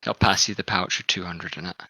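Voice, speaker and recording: A man running a tabletop game, his voice very bright and dry as if close to the mic. He narrates loosely, with plenty of fillers. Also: deep voice, fairly even intonation, brisk, no echo, rough recording. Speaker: game master.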